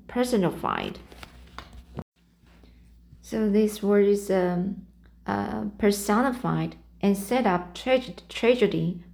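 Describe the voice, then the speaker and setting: Woman teacher, slow read-aloud, halting, rereads words, explains vocabulary. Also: mid-range voice, gravelly, a little mellow. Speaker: reading teacher.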